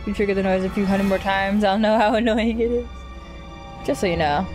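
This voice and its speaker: A woman's voice: medium pitch, steady tone, a little fast, a little mellow. Woman streamer, casual game commentary, reads text aloud, swears, faint music behind. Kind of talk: casual let's play commentary.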